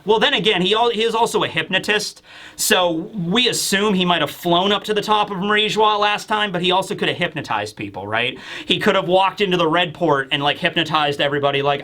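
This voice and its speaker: A man's voice: sits high, fairly quick, pushed and bright. A man giving a casual, rambling comic-chapter review with many fillers, acting out characters as he goes. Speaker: manga reviewer.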